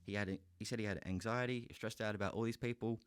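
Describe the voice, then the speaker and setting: A man's voice: lowish voice, fairly even intonation, quick pace, smooth, dry recording. Profane Australian man ranting, dry sound. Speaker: podcast host. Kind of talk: ranting solo podcast.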